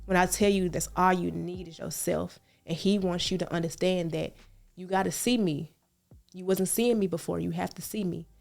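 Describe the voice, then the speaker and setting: A woman's voice: on the low side, normal speed, vocal fry. Woman co-host, earnest, repeats herself; faint music behind. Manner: earnest, repeats phrases, reassuring, animated storytelling. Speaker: podcast co-host. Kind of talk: casual heartfelt podcast chat.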